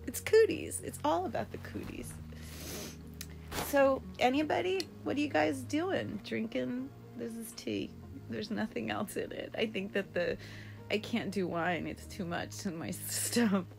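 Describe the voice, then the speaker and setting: A woman's voice: fairly high pitch, a little slow, gravelly, over music. Chatty woman livestreaming from home. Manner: chatty, rambling, expressive, many fillers. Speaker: livestream host. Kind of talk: casual livestream chat with viewers. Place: at home, indoors.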